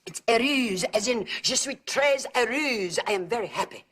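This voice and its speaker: An actress playing a chatty, gossipy middle-aged aunt who fusses over how people pronounce words. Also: female voice, on the high side, expressive, moderate pace, fairly bright tone, slightly rough. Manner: chatty, gossipy, fussy about pronunciation. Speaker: sitcom aunt. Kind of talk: sitcom acting. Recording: noisy old TV sitcom audio.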